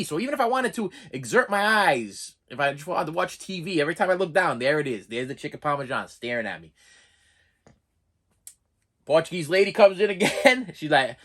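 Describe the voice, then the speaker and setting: A man tells a long, rambling story on his vlog in a fairly high voice. He slips into little impressions of the people he met and keeps circling back with asides and restarts. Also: brisk. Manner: animated, acts out other people's lines in the story. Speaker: vlogger and collector.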